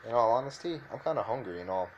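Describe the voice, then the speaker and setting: A man's voice: medium pitch, animated, fast talker, highs cut off, slight background noise, close to an everyday voice. A man voicing a cheerful, friendly young male hero in a casually told fan story, in an easygoing, reassuring way.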